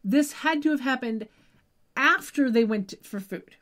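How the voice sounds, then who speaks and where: A woman's voice: high-pitched, lively intonation, unhurried, fairly bright tone. A woman co-hosting a podcast, recapping a TV episode in casual chat with wry asides. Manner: chatty, wry asides, trails off with "just saying". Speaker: podcast co-host.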